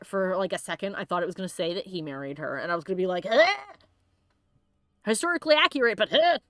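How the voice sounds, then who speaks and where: A woman with a high, bright voice hosts a casual let's play, reading game text aloud and breaking into giggly, animated commentary. Her pitch jumps all over, and the sound is close and dry. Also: no echo. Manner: giggly, animated, swears freely.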